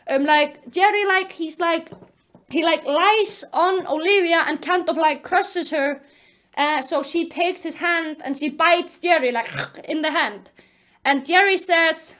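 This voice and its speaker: A woman with an Icelandic accent and a very high, bright-sounding voice. She is giving a casual, comedic book review at home. She is sarcastic and excitable, and she often bursts into loud exclamations. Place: home room with pets.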